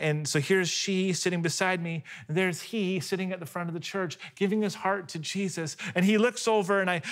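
A man in his thirties preaching a sermon, telling a story with animated delivery, often restarting on repeated words. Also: high-pitched. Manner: animated storytelling, voice rising when excited and dropping soft for quiet moments. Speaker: pastor.

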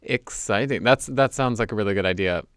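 A man's voice: on the low side, fairly quick, fairly bright tone, smooth. A man hosting a podcast, interviewing a guest in an upbeat, casual way. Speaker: podcast host.

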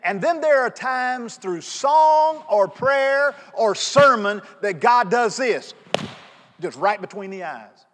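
A middle-aged man preaching a sermon, telling stories in a conversational way and swinging between soft asides and loud emphatic pleas. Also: very high-pitched, lively intonation, slow. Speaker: pastor. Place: church sanctuary. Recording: long reverb of a church sanctuary.

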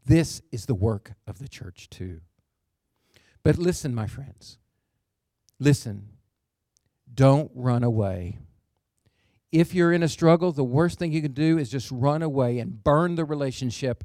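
A man's voice: medium pitch, expressive, unhurried, long pauses, dark tone, no echo, studio quality. A man preaching a sermon as pastor, emphatic, with call-and-response asides and phrase endings that drop to a near whisper.

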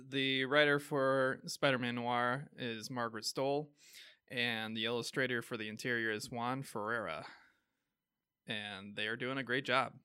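A man's voice: mid-range voice, pushed and bright, clean tone, no room sound, studio quality. A man with a Midwestern American accent co-hosting a casual chat about comic books. He talks enthusiastically, with frequent fillers and laughs. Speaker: podcast co-host.

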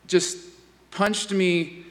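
A man's voice: sits high, little pitch movement, drawn-out words, a bit bright, in a large hall. A man preaching a sermon as pastor, earnest and casual, with fillers and restarts, in a church sanctuary.

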